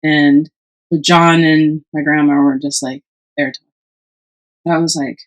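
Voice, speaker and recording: On a poor-quality recording, a woman co-hosting a podcast speaks slowly in a low voice. Casually chatting, she recounts a personal story with lots of energy, frequent laughter, and impersonations of what others said.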